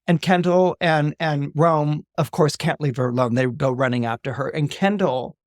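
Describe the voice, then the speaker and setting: A man's voice: a little high, normal speed, no echo, clean studio sound. A man, an astrologer guest on a podcast, retelling a story with animation, often repeating words and acting out the dialogue.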